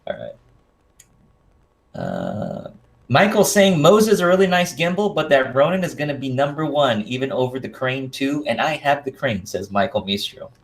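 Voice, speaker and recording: A man's voice: medium pitch, sing-song, moderate pace, creaky. A man hosts a casual live stream, reading out viewer comments and answering them. He sounds easygoing and laughs often. He stumbles a little over unfamiliar names.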